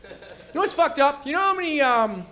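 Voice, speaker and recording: A man's voice: very high-pitched, expressive, a little fast, pushed and bright. A man doing a stand-up set, wryly teasing the crowd and drawing out his punchlines. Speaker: stand-up comedian. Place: comedy club stage, audience.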